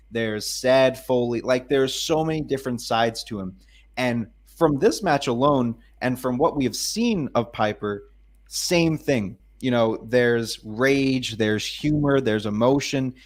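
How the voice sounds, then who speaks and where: A man co-hosting a casual podcast with an ordinary, mid-pitched voice. He speaks with enthusiasm and runs through his points in a steady, even rhythm. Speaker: podcast co-host. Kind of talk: casual chat.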